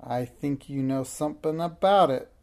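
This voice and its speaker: A man's voice: a little high, moderate pace, creaky, a little mellow. A man reading aloud, voicing a self-important, nosy and cowardly townsman who blusters and mumbles. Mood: pompous. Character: pompous, nosy, cowardly middle-aged townsman.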